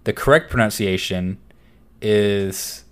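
A man's voice: lowish voice, takes it slowly, smooth. A young man co-hosting a casual podcast, teasing his friend, reading from a list and laughing often. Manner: reads aloud from a list. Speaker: podcast co-host. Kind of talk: casual chat.

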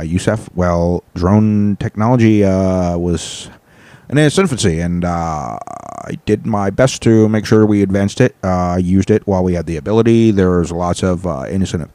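A calm, smooth presidential voice, as a man puts it on, slow and halting like an airline pilot making an announcement. The tone sits low and the sound is dry and close, with no room around it. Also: no room sound. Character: impression of a former male president, calm and smooth.

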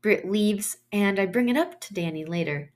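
A woman's voice: mid-range voice, expressive, moderate pace, a little mellow, soft background music. Chatty woman podcast host teaching astrology. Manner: chatty, personal storytelling with trailing phrases.

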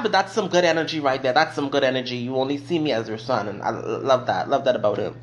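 Animated young man telling stories. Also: medium pitch, fast, hardly any pauses. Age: young adult. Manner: profane, animated storytelling. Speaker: vlogger. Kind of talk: casual story time.

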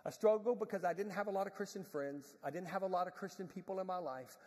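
A man preaching a sermon and telling a personal testimony, moving between quiet reflection and urgent pleading. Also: sits high, fast, long reverb tail. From Houston, Texas. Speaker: pastor.

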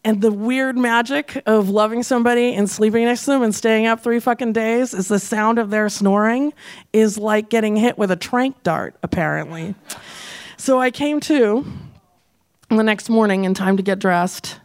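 This woman's voice sits fairly high and moves at a moderate pace as she relates a comedic personal story, cursing and animated throughout. She performs the quotes with shouts and keeps laughing while she tells it.

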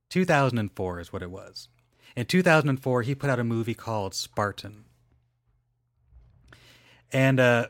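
A man's voice: mid-range voice, no room sound. A man hosting a solo podcast, chatting casually in a rambling, digressive way with lots of fillers and self-corrections. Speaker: podcast host.

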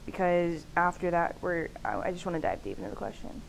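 A woman's voice: fairly low pitch, very animated, fairly quick, gravelly, poor audio. Chatty young woman with faint hiss. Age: young adult. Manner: chatty and candid, many "like" fillers, frequent laughs. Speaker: podcast host. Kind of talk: casual solo podcast monologue.

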